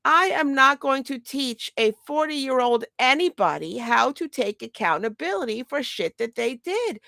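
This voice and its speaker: A middle-aged woman talks straight to the point in a blunt casual monologue. Her mid-pitched voice has a gravelly edge. The sound is close and dry with no room echo. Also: normal speed. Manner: blunt, animated, quotes others in acted voices. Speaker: mother and podcast host.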